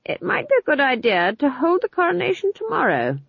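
A woman voicing a stern, firm older female witch who speaks briskly and matter-of-factly, in an audiobook reading. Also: sits high, huge pitch swings, creaky, no room sound, pitched above the performer's own voice, exaggerated voice. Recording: slightly dull lo-fi recording.

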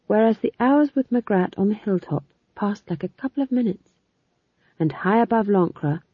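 A woman narrating an audiobook in a lively, expressive reading. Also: lowish voice, breathy edge, dry recording. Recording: tinny phone-like sound.

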